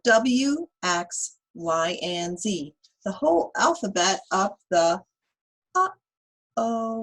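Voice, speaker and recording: A woman teacher reading a picture book aloud to young children, animated and asking them questions. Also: medium pitch, breathy edge, rough recording. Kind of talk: children's read-aloud lesson.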